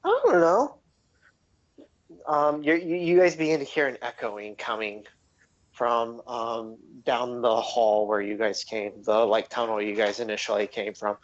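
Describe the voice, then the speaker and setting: A young man narrating a tabletop game as game master, halting with many fillers. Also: medium pitch, fairly even intonation. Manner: halting, many ums and likes. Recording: dull lo-fi audio.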